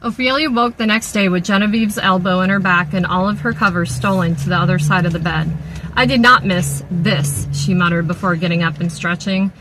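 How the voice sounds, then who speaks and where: A woman reading a novel aloud at an even, steady pace, with a few small restarts. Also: on the low side, a little fast, few pauses, over music, low-quality recording. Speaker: audiobook reader.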